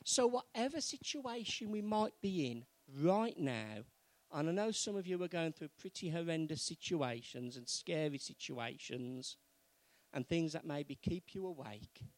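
High-voiced man preaching. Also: lively intonation, measured pace, no echo, rough recording. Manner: builds from quiet earnest pleading to loud fervent exhortation. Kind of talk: sermon.

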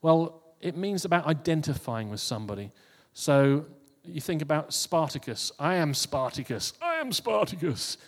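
This preacher's voice sits on the high side, and he talks at normal speed with few pauses. It's an informal, conversational sermon where phrases get repeated and restarted. The hall gives a long reverb.

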